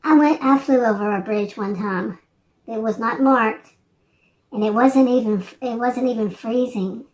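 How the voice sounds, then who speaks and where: An older woman in her sixties rambles through a relaxed chat for her vlog. Her voice sits a little high, and she drifts between thoughts with frequent fillers and false starts. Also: measured pace. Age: 60s. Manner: meandering, hesitant, many restarts and fillers. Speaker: vlogger.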